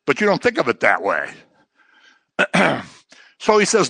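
His pitch swoops wildly and he's unhurried, with vocal fry, long pauses, and a pushed, bright sound on a dry recording. This middle-aged man runs an informal Bible study casually, repeating phrases for emphasis and mocking others' voices in a low tone.

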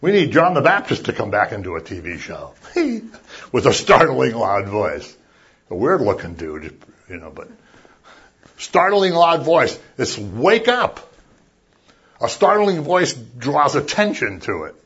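Husky-voiced pastor preaching casually. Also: male voice, medium pitch, sing-song, measured pace, dull audio. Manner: conversational, with jokey asides and sudden loud emphasis. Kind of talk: sermon.

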